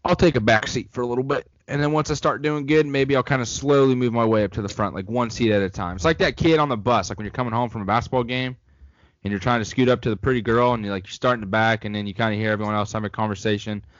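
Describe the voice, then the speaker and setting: A man's voice: mid-range voice, fast, no echo, highs cut off. A young man co-hosting a casual sports podcast, rambling and joking as he gives his opinions. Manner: laid-back, rambling, jokey. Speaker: podcast co-host.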